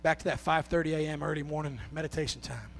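A man preaching a sermon with a Southern US accent, swinging from shouted, half-sung peaks down to soft, low talk. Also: fairly even intonation, fast talker, creaky, slight background noise.

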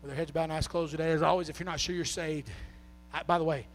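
A man preaching a sermon with a Southern US accent, swinging from shouted, half-sung peaks down to soft, low talk. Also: level tone, fast, slight background noise.

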